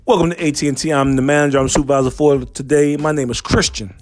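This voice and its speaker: A man voicing a polite male customer service supervisor who talks calmly and reassuringly. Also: a little high, fast, soft background music, close to an everyday voice.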